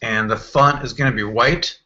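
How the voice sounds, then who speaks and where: A man walking through a software screen tutorial in a casual, think-aloud way, with fillers and self-corrections. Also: medium pitch, fairly even intonation, moderate pace, dull audio. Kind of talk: screen-recorded software walkthrough.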